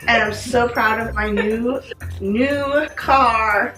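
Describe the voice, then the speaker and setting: A woman's voice: a little high, slow pace, sharp tone. A middle-aged woman, the host's mother, chatting frankly and casually as a guest. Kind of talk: casual chat. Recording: roomy, slightly distant mic, faint music.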